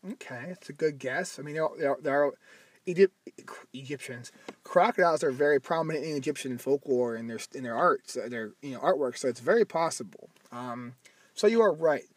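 A man's voice: mid-range voice, a little fast, dry recording. A man co-hosting a casual podcast from inside a car, rambling and correcting himself as he goes, with a slight stutter now and then. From Midwest US. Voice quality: stutters at times. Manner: rambling, self-correcting, joking. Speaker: podcast co-host. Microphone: phone recording.

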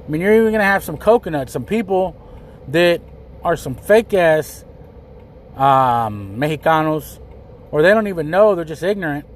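A man's voice: a little high, animated, normal speed, a little hiss or hum. A man hosting his own podcast episode alone, talking bluntly and emphatically, repeating his points and swearing freely. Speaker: podcast host. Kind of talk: solo commentary.

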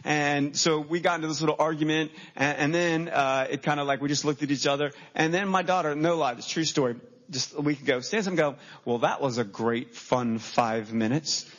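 A man's voice: on the high side, steady tone, fast talker, fairly bright tone. A man preaching a sermon as a pastor, telling stories animatedly and acting out his own reactions on a church stage. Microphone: handheld microphone. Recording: dull lo-fi sermon recording.

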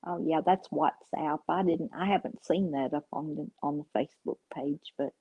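A woman's voice: low-pitched, moderate pace, husky, no room sound, dull audio. A woman co-hosting a casual podcast in a laid-back way. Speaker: podcast co-host.

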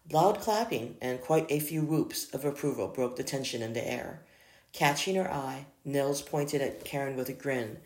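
A story reader with a creaky voice, reading a romance aloud, who often stumbles and corrects themself. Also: medium pitch, a little mellow. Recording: echoey room.

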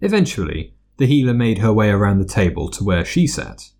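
A man narrating a story aloud, expressive and doing voices for the characters. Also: fairly low pitch, brisk. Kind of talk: fan fiction reading.

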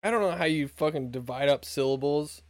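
A man's voice: on the high side, a little fast, no room sound, clean studio sound. A man quizzing his co-host in casual podcast chat, joking and swearing freely. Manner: profane, joking quizmaster.

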